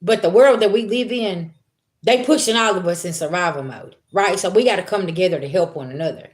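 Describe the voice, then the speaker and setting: A woman's voice: on the low side, fairly quick. A woman giving a blunt, profane spiritual reading to her viewers in casual talk. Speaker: spiritual reader.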